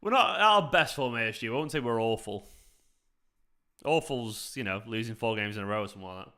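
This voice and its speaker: Give me a young man, mid-pitched and bright, chatting through a football watchalong. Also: animated, brisk. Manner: chatty, reacts to play and greets viewers by name. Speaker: fan channel host. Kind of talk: live match watchalong commentary, reading chat.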